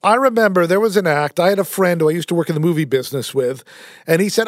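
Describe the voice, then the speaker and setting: A man's voice: sits high, fast, no room sound, studio quality. A man hosting a podcast interview, talking emphatically, cutting in and arguing his points. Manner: emphatic, cuts in and argues points. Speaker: podcast host. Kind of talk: conversational interview.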